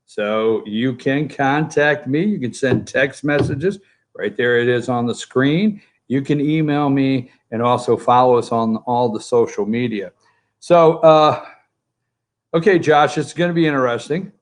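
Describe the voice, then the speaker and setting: A man hosting a political opinion show from home by a pool, remote from the studio, talking in a sarcastic, jokey and animated way. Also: medium pitch, measured pace. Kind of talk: opinionated talk-show commentary.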